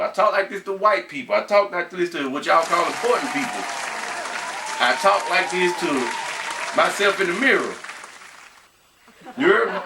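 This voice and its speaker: A man who runs a small channel, reading news aloud and commenting casually, talking to viewers in a folksy way and slowing and halting as he reads. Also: on the high side, background noise. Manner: folksy, talks straight to viewers as "y'all". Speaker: small YouTuber. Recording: echoey room, mic at a distance.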